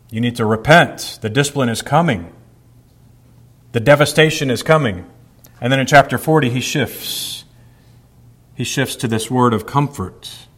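A man's voice: mid-range voice, fairly bright tone. Man preaching a verse-by-verse sermon. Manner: reads scripture slowly, then teaches in an explanatory, emphatic way. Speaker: pastor.

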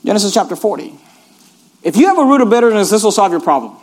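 A male pastor preaching a sermon in an animated, repetitive way, reading scripture and urging listeners to notice each point. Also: sits high, fast talker.

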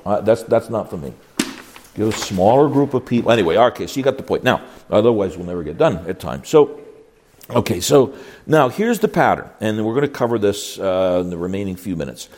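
Animated older man teaching a class. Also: a little fast. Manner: folksy, emphatic, with animated swoops in pitch and many restarts. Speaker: Bible teacher. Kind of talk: classroom lecture on biblical counseling.

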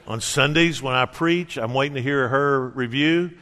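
A middle-aged man preaching a sermon, telling a personal story with earnest warmth and acting out quoted dialogue. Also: mid-range voice, moderate pace, hardly any pauses, a little hiss or hum. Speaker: pastor. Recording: reverberant hall.

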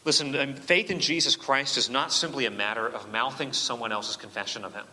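A man's voice: medium pitch, steady tone, fairly quick, sharp tone. A man preaching a sermon as pastor, emphatic and full of rhetorical questions. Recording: long reverb of a church hall.

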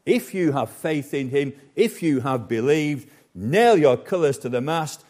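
A man preaching a sermon as pastor, slow and emphatic, with dramatic pauses and repetition. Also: a little high, animated, darkish tone.

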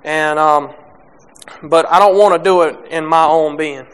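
A young man preaching a sermon, halting with many restarts and fillers, reading scripture and speaking plainly about faith. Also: a little high, steady tone, fairly bright tone, clean tone.

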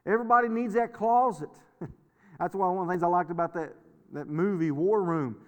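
A middle-aged male pastor preaches a sermon in a high voice at a moderate pace, heard through dull audio with long hall reverb. His style is folksy and story-driven, with repeated words and frequent laughter.

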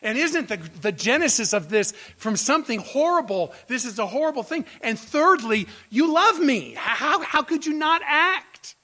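A man's voice: very high voice, lively intonation, moderate pace, hardly any pauses, bright, forceful tone, voice pushed up, heavily acted. A man voicing an exasperated ancient king. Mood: pleading. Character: exasperated ancient male king, impatient and commanding.

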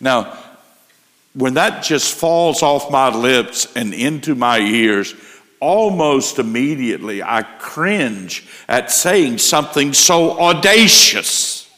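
A man preaching a sermon, slow and emphatic, building in intensity. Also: mid-range voice, lively intonation, a bit bright, in a large hall. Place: church.

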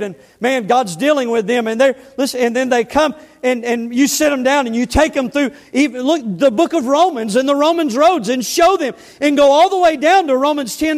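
A pastor preaches a sermon from the pulpit in a voice strikingly high for a man. He tells stories in a relaxed way, dropping to quiet, weighty words for emphasis. The church sanctuary's long reverb trails after each phrase.

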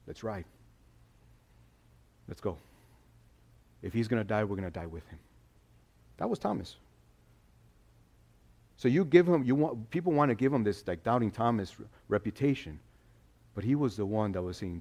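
A man preaching a sermon in a conversational, animated way, acting out quotes as he goes. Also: lowish voice, breathy edge. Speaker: pastor.

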